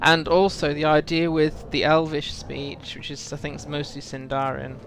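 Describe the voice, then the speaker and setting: Gravelly man musing over game lore. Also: a little high, little pitch movement, moderate pace, a bit bright, a little hiss or hum. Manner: musing, rambling lore talk with many fillers. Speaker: game streamer. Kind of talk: casual live-stream chat.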